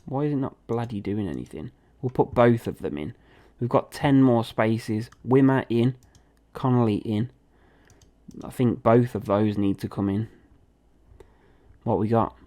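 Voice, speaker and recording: A man's voice: mid-range voice, a little slow, dark tone. A young man, chatting casually and reacting aloud as he plays a football management game. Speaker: gaming video host.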